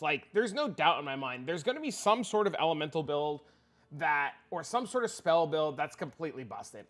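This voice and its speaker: Animated, rambling male streamer. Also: a little high. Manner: rambling, profane, animated, repeats himself. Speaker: livestreamer. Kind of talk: casual livestream chat with viewers.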